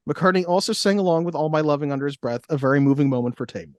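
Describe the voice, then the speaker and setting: A man's voice: fairly high pitch, rapid-fire, no echo. A man co-hosting a podcast, reading out facts and adding dry jokey asides. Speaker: podcast co-host. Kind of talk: casual chat, reading facts.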